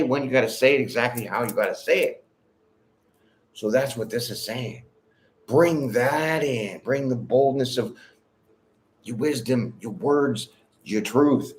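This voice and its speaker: Male tarot reader live on stream, casual, blunt, slangy, quick to laugh, mid-pitched voice. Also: slight background noise. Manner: direct, bold, slangy, laughs often. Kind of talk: casual livestream tarot reading.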